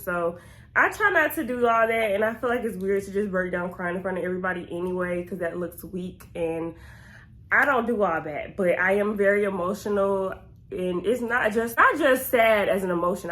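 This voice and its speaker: A woman's voice: medium pitch, a bit bright. A young woman. She chats candidly and casually to her viewers, answering questions about herself with plenty of slang. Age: 20s. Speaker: vlogger. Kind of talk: casual get-to-know-me Q&A.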